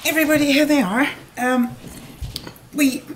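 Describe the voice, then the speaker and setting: A woman's voice: sits high, fairly even intonation, moderate pace, slight background noise. Chatty woman vlogging from her kitchen. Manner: chatty, giggly, self-mocking. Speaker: home cooking vlogger. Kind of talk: casual kitchen vlog chat. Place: home kitchen.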